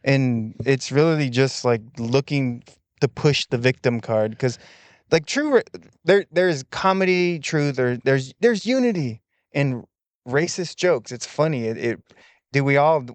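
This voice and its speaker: A man's voice: mid-range voice, lively intonation, a little slow, no echo. A man hosting a podcast, laid-back and profane, chatting casually with short agreeing interjections. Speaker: podcast host.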